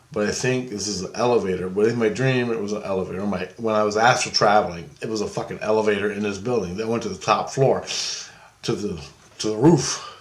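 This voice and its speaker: A man's voice: lowish voice, roomy sound. A man telling a story in a casual, rambling way. He swears, laughs often and acts out the voices of the people in it. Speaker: storyteller recounting an astral travel experience.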